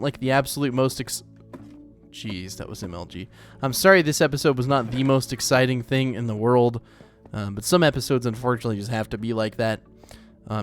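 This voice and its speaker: A young man from Oklahoma with an Oklahoman accent, hosting a casual gameplay let's play in a chatty, self-deprecating, rambling way. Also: medium pitch. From Oklahoma, United States.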